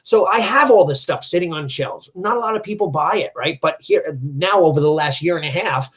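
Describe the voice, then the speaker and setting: Middle-aged man, slightly high voice, animated storyteller who acts out quoted dialogue. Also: a little fast, breathy edge. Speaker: martial arts school owner. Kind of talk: storytelling in a business chat.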